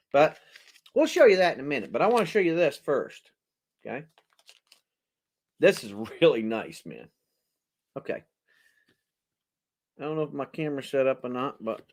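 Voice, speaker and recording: Lively, animated man showing off coins. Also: a little high. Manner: animated, chatty, exclaims and jokes aloud. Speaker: coin seller hosting a charity auction. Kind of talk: casual show-and-tell video.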